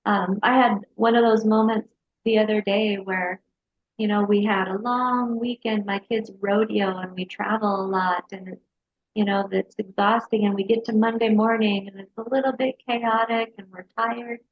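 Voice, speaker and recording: A woman's voice: medium pitch, moderate pace. Woman therapist telling a story, lo-fi sound. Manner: lively storyteller who acts out her kids' voices. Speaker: hypnotherapist and mental health counselor. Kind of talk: interview storytelling. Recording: dull lo-fi sound.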